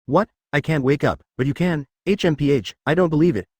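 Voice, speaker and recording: A man's voice: on the high side, lively intonation, a little fast, breathy edge, dry recording, studio quality. A man narrating a brash, whiny boy ninja in a fan fiction story. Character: loud boastful boy ninja.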